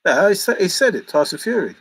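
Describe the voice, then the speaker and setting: Very animated and quick-paced, a middle-aged man with a high-sitting voice answers his livestream chat, joking, laughing and bantering with viewers in casual conversation. The recording is rough.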